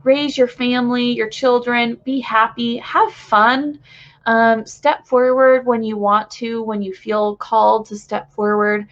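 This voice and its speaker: Young woman, stuffy nose from crying, kinda high voice, gentle rambly spiritual pep talk, muffled lo-fi webcam sound. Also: flat delivery, measured pace. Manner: gentle, reassuring, rambling with fillers. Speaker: spiritual channeler. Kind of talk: casual channeling message to viewers. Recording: dull lo-fi home recording.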